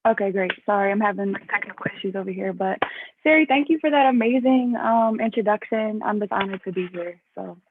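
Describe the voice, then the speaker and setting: A woman spoken word poet from Chicago greeting the audience over a video call, quick and apologetic about technical trouble. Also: medium pitch, background noise. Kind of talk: casual greeting before performing. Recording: tinny phone-like call audio.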